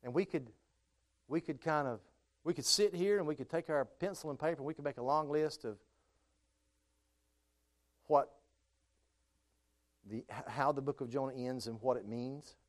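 A man preaching a sermon, moving between calm scripture reading and loud, high, impassioned stretches. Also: moderate pace, pauses often.

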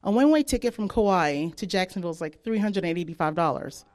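A breezy, informal travel agent friend talks in a chummy way, as a woman quotes her. Her voice sits a little low and easy. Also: animated, a little fast, a little mellow, natural voice. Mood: amazed.

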